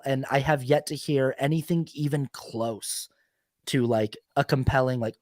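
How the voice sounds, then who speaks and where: A man talking casually as a podcast guest, animated and emphatic, often correcting himself mid-sentence. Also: mid-range voice, unhurried, no room sound, clean studio sound. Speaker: podcast guest, sketch video maker. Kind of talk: casual conversation.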